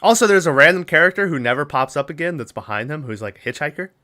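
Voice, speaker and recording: A man's voice: a little high, expressive, quick pace, pushed and bright. A man co-hosting a podcast, casually recapping a film's plot in a rambling way, laughing often and acting out lines. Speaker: podcast co-host.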